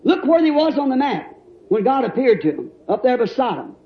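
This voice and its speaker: A man preaching a sermon in a folksy storytelling way, laughing and rising to shouts. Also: very high-pitched, very animated, fairly quick. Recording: dull, roomy old church recording.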